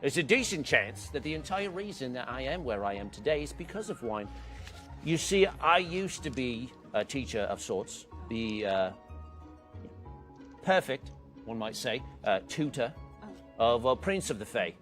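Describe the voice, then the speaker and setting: A man's voice: medium pitch, big pitch swings, a little slow, a bit bright, soft background music. A man voicing a roguish, wine-loving male satyr bard who rambles in a sly, conspiratorial way.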